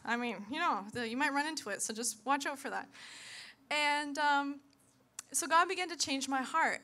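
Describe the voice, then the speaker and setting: A woman in her thirties shares a personal testimony from a church pulpit. Her voice is bright and sits a little high. She tells the story animatedly, slipping into other characters' voices and laughing along the way. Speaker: church speaker. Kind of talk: sermon testimony to a congregation.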